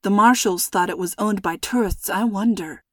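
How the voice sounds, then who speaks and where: A woman doing a raspy, hushed dad. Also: moderate pace, no room sound, studio quality. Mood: calm. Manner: low, hushed and steady. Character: worried protective father, calm under threat. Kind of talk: storybook reading.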